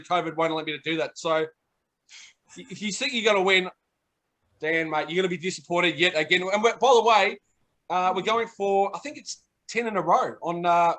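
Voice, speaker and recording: High-voiced man teasing a mate. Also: fairly bright tone. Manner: teasing, chatty, many fillers. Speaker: host. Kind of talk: casual banter. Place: abroad, remote.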